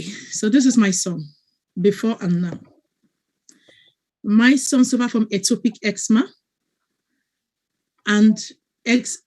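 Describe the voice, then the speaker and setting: A woman's voice: medium pitch, darkish tone. A woman, a wellness coach giving an earnest, emotional testimonial on a video call and often checking that listeners follow.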